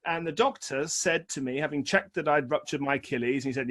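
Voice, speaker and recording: A man in his forties tells a personal story to an audience on a video call, in a voice pitched a bit higher than most men's. He is self-deprecating and animated, and his voice jumps up sharply when he acts out his own past outbursts. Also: fairly quick. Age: 40s.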